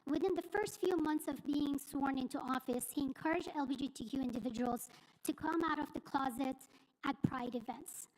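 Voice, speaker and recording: A woman resident reading a prepared statement at a school board public comment, steady with small slips. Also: high voice, moderate pace, poor audio. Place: school board meeting room.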